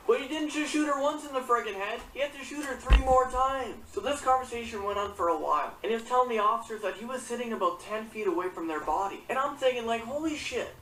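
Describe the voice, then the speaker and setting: A woman's voice: on the high side, fairly bright tone, a little hiss or hum. A woman retelling a crime story in casual vlog commentary, indignant and blunt, swearing often. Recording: echoey room, far from the mic.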